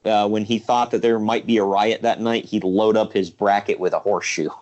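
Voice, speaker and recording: A man co-hosting a podcast, casually recapping old wrestling shows in a rambling, relaxed way with fillers. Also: on the low side, a little fast, dull audio. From Ohio. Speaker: podcast co-host.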